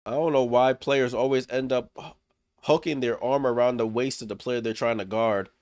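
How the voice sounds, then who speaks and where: A man's voice: medium pitch, fairly even intonation, normal speed, a little mellow, dry recording. Guy doing live fan play-by-play, dry close mic, casual, gets hyped on big plays. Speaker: watchalong host.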